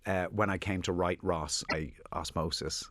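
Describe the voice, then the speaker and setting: An Irish man with a low, deep voice chats as a radio guest, self-deprecating and full of restarts. The sound is dry and close, straight into a studio mic. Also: steady tone, normal speed, a bit bright, dry recording. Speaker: author guest. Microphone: studio microphone.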